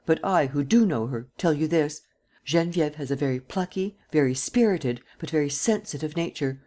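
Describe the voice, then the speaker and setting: Reading an audiobook in a deep, warm, everyday-sounding voice at normal speed, a woman plays an elderly woman who is protective and anxious. The character pleads in a tremulous voice that sometimes drops to a whisper, and the mood is earnest.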